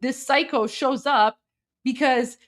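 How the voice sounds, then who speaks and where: A woman co-hosting a casual political commentary, talking over video clips in a chatty, animated way with many fillers and restarts. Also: high-pitched, takes it slowly.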